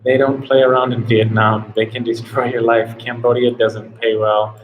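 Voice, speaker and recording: A man's voice: mid-range voice, little pitch movement, normal speed, narrow, tinny audio, a little hiss or hum. A man hosting a casual live travel Q&A, rambling and filling his talk with "like". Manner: rambling, heavy on "like" fillers. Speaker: travel vlogger host.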